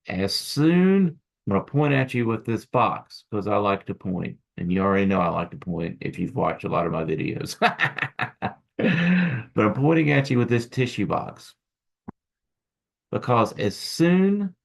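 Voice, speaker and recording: A middle-aged man teaching acupuncture students in a casual, joking lecture with lively asides to the viewer. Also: fairly low pitch, measured pace, vocal fry. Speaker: acupuncture instructor.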